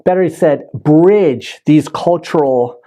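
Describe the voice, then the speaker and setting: A man's voice: a little high, takes it slowly, mellow. A man hosting a podcast, recapping his season in a casual, rambling way and correcting himself as he goes. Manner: rambling, self-correcting with restarts. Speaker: podcast host.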